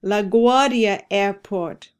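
A woman leads a scripted English lesson, pronouncing each word carefully so learners can repeat it. Her delivery is unhurried, and her voice is smooth and clear. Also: medium pitch. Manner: slow, carefully enunciated repetition. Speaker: ESL podcast teacher. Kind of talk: scripted language drill.

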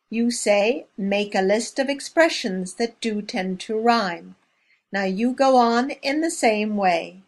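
A woman leading a language lesson drill, speaking slowly and clearly and pausing between words. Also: on the high side. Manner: clear, measured, spacing out each word. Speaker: language teacher. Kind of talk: slow, deliberate language drill.

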